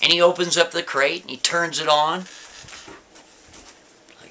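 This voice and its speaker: A man's voice: fairly high pitch, steady tone, a little slow, bright, forceful tone, slight background noise. A man telling a story casually, talking straight to the listener and checking in with them often. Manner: conversational, asks listener "right?" and "see?".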